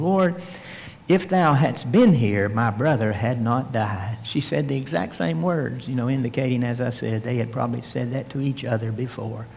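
A man delivers a verse-by-verse sermon into a microphone, reading scripture aloud and pressing each point with emphasis. His voice sits at an ordinary middle pitch for a man. A long reverb trails after his words in the hall. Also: a little hiss or hum. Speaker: preacher.

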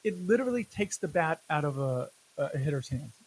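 Male co-host, gravelly and lively, jokey baseball rants, slight hiss on the track. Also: on the high side, brisk, poor audio. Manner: animated, laughs often, jokey rants. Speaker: podcast co-host. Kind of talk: casual sports chat.

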